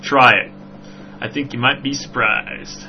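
A man hosting a podcast, telling a story in a rambling, animated way with frequent "right?" asides. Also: medium pitch, measured pace. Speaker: podcast host. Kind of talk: casual storytelling chat. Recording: dull lo-fi recording with faint hum.

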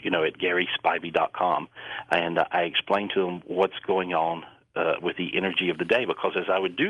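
A deep-voiced man with a husky edge talks earnestly and at length, circling back over his own words. His voice sits close and dry on the mic. The audio has the dull, muffled sound of a radio broadcast. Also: flat delivery, no room sound. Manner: earnest, rambling, halting with repeated words. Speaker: psychic guest. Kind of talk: radio interview chat.

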